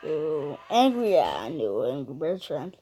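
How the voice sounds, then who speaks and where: A woman's voice: low voice, sing-song, measured pace, warm tone, slight background noise, low-quality recording. A woman giving casual, playful commentary while playing a game, talking to the characters and cracking puns. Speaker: gamer.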